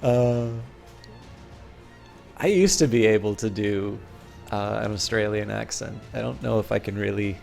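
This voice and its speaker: A man's voice: on the low side, unhurried, creaky, pauses often, darkish tone, faint music behind. A man streaming live and chatting casually, rambling through long, complicated sentences.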